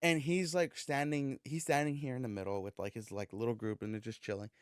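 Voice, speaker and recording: A man co-hosting a podcast, telling a story in a loose, animated way, swearing freely and acting out the dialogue. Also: mid-range voice, fairly quick, smooth, no room sound, studio quality. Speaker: podcast co-host. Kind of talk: casual storytelling chat.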